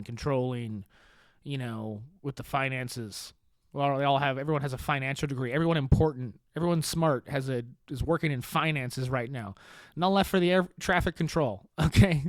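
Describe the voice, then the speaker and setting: A man hosting a podcast in a sarcastic comedic monologue, swearing and laughing at his own deadpan jokes. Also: medium pitch, dry recording, clean studio sound. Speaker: podcast host.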